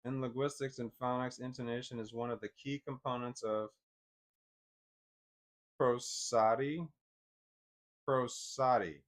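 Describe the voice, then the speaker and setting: Guy rambling to himself, reads stuff out loud, stumbles and repeats words, pokes fun at himself. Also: mid-range voice, fairly even intonation. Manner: rambling, self-deprecating, reads text aloud haltingly. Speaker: vlogger. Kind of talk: casual thinking aloud while reading.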